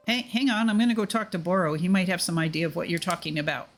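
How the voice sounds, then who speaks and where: Woman streamer, casual chatty gameplay talk, soft music bed. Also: lowish voice, fast, hardly any pauses. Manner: chatty, hesitant asides. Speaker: game streamer.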